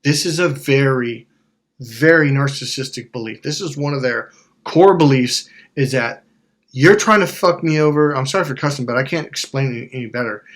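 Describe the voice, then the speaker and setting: A man with a medium-pitched, slightly bright voice speaks at a moderate pace. He's a life coach and hypnotherapist telling a story in a frank, rambling monologue, correcting himself as he goes, swearing and then apologizing for it.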